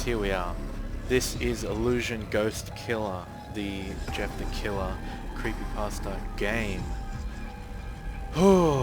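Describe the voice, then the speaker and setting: Over clear background noise and rough audio, a man with a low-leaning voice hosts a horror let's-play for his gaming channel. He's talkative and swears a lot, yelping loudly whenever he gets a scare.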